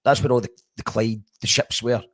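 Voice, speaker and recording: A man hosts a live-streamed chat in a slightly husky voice. He stumbles and restarts often as he reads out comments and asks questions. The sound is dry and close. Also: mid-range voice, fairly even intonation, a little fast, fairly bright tone, dry recording. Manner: hesitant, frequent restarts and fillers. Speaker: host.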